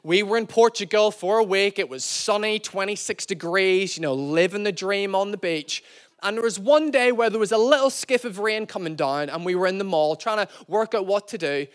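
Male pastor, young adult, pitched high; jokey, self-mocking storyteller who keeps addressing the congregation. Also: normal speed. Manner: playful, self-deprecating storyteller, calls to the church. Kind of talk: sermon with storytelling.

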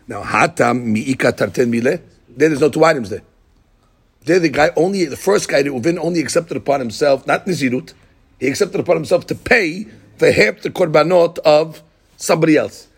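A man's voice: mid-range voice, brisk, breathy edge. A man teaching a Talmud study lesson, explaining the text line by line and acting out the speakers' words.

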